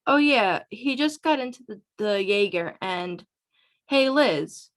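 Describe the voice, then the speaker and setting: A woman reading as a smooth-talking teenage boy. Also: medium pitch, animated, takes it slowly. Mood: evasive.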